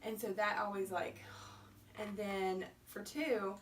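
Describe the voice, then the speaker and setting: A woman's voice: medium pitch, steady tone, slow pace. A woman in her thirties, a mother and co-host, chatting casually about her children, full of "like" and acted quotes. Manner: chatty, lots of "like", acts out quotes. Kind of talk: casual chat. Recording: distant mic with faint noise.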